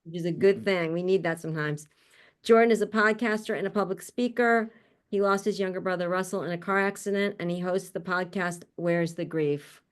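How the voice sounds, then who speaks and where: A woman's voice: fairly low pitch, fairly even intonation, a little fast. A woman hosting an online panel, introducing speakers in an upbeat, chatty way over a video call. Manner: upbeat and chatty, laughs often. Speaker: conference host introducing a panel. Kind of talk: casual spoken introductions.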